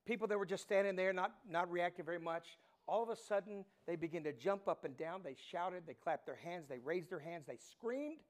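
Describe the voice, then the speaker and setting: A middle-aged man preaching a sermon as pastor, animated storytelling that swings from hushed to loud. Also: high-pitched, fairly quick, few pauses.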